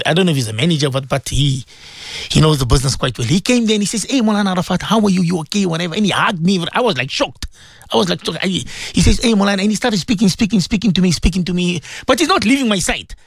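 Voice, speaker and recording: A man's voice: high-pitched, dry recording, clean studio sound. A man telling a story on a religious radio talk show, repeating himself and mixing in Arabic and Urdu phrases. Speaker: radio guest speaker.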